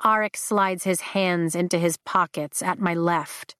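Woman reading a first person story, steady, lowish voice, dry close mic. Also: a little slow, no echo. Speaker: audiobook narrator. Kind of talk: first-person scripted narration.

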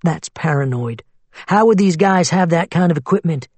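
A worried, skeptical woman questions and reasons in a level tone, as a male narrator voices her. The voice is husky. The recording is close and dry. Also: a little high, expressive, normal speed, darkish tone, no room sound. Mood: reasoning.

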